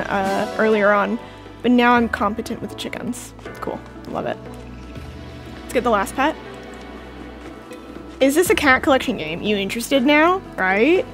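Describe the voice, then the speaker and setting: High-pitched playful woman streamer. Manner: chatty, playful, talks to chat. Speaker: game streamer. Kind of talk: casual gameplay commentary. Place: indoors at home, cold room.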